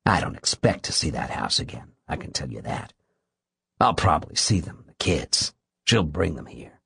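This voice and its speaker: Guy doing a low husky bitter man stuck in a hospital bed, dry close sound. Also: sing-song, normal speed, a bit bright, no room sound, exaggerated voice. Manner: low, grim and seething. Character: bitter bedridden man, furious at his wife.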